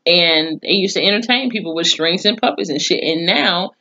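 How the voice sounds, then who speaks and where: A woman giving a casual, profane recap of a TV episode, acting out the characters' lines with animated voices. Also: fairly low pitch, normal speed, highs cut off. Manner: chatty and profane, with animated acted-out quotes. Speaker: TV episode reviewer.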